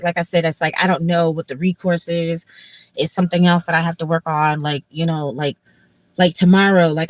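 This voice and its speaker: A woman's voice: on the low side, dry recording, low-quality recording. Emotional woman venting from her car. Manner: emotional, rambling, heavy filler "like"; blunt and profane. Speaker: livestream host. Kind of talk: casual venting livestream. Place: in a moving car.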